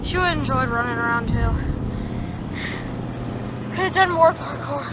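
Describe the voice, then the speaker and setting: A woman voicing an excitable young boy in a homemade plush toy video, shouting, laughing and talking while out of breath. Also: sits high, measured pace, heavy background noise. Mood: excited.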